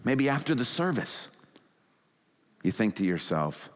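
A male pastor preaching a sermon with animated delivery, acting out quoted thoughts in a rising and falling voice. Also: medium pitch, unhurried, pauses often, in a large hall. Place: church sanctuary.

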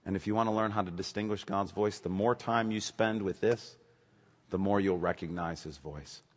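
A man preaching a sermon, emphatic, swinging between loud urgent stress and quiet low asides. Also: moderate pace. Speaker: pastor. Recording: long reverb of a large hall.

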